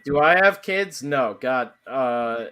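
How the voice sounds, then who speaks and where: A man's voice: mid-range voice, animated, slow pace, bright, forceful tone. A man in his thirties hosting a casual drinking chat, drunk and loose, joking crudely. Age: 30s. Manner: loose, laughing, crude banter.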